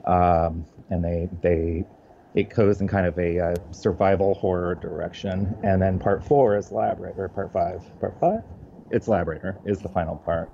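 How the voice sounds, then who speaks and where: A man's voice: low voice, steady tone, vocal fry, warm tone, muffled recording, a little hiss or hum. A man, a comic book writer, talking casually in an interview, often restarting his sentences. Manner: halting, many restarts and fillers.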